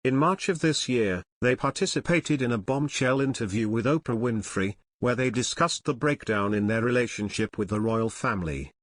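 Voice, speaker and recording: A man narrating a scripted news piece in an even, read-aloud manner. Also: mid-range voice, no echo, studio quality.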